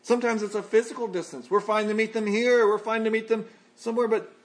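A man preaching an expository sermon as a pastor, earnest and measured, in a conversational tone. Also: sits high, steady tone.

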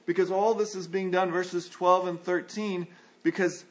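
A man's voice: high voice, fairly even intonation, unhurried. A man preaching a sermon, reading scripture aloud and then explaining it in a folksy, conversational way.

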